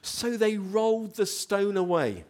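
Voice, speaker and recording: Guy preaching a sermon, pretty high voice, gets lively and tells the story, keeps asking the room stuff. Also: unhurried. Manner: animated storytelling, asks the congregation questions. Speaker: pastor.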